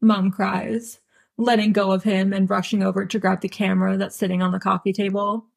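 A woman narrates a story in a wry, deadpan way. Her voice is gravelly and husky, and she sits at a middling pitch. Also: a little fast. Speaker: audiobook reader. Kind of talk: fan audiobook narration.

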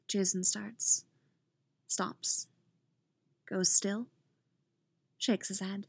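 A woman narrating a story aloud in a calm, even reading voice. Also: medium pitch, extremely slow, vocal fry, pauses often, husky, no echo. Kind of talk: reading fan fiction aloud.

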